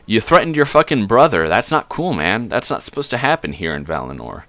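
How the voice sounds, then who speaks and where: A man's voice: lowish voice, very animated, fairly quick, fairly bright tone, dry recording, voice pushed up. A man voicing a stern male god-king who hands down judgment in a scolding, slangy way.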